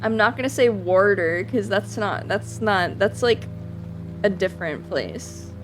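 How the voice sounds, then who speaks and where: A woman's voice: mid-range voice, lively intonation, a little slow, music in the background. A woman with a Midwestern American accent, chatting casually with viewers on a livestream, giggling often and filling her talk with "like" and "um.". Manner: giggly, lots of "like" and "um" fillers. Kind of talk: casual chat answering viewers.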